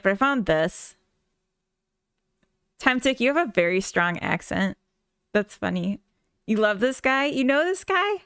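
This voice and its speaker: A woman's voice: medium pitch, a bit bright, clean tone, no room sound, clean studio sound. A Minnesotan woman chatting casually with viewers on a live stream, rambling and giggling often. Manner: giggly, rambling, full of fillers. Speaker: live-streaming game developer.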